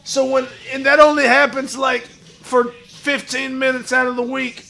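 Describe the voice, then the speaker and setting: A man playing a crude, boastful washed-up pro wrestler who talks about himself in the third person and shouts his lines. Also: very high-pitched, little pitch movement, a little slow, heavily acted. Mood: swaggering bravado. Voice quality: gravelly, shouty bravado. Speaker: streamer in character. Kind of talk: improvised comedy stream.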